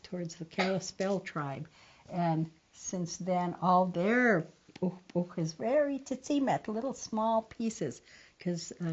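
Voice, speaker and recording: An older woman, a tribal elder, telling a traditional story in an unhurried way and raising her voice for the characters. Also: on the low side, darkish tone. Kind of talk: oral storytelling. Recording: dull lo-fi recording.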